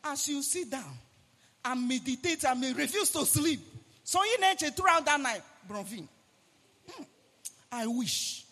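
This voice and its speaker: A man with a Nigerian accent preaching a sermon, animated and sing-song, rising now and then to a shout. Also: very high-pitched, normal speed. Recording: long hall reverb.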